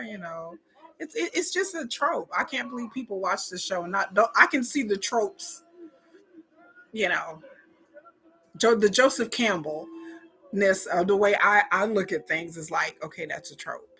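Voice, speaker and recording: A woman hosts a live watch party from inside her home, chatting casually, reacting, and often voicing what others say. Her voice is a little high, expressive and slightly rough, with a sharp tone at a normal speed.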